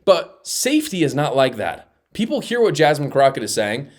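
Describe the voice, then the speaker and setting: A man's voice: a little high, very animated, moderate pace. A man hosting a political commentary show, blunt and mocking in his opinions.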